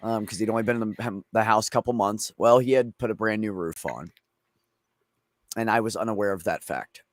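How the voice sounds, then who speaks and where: A man's voice: fairly low pitch, brisk, no echo, studio quality. A man hosting a casual chat, telling a long story in a rambling, profane way. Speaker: streamer host.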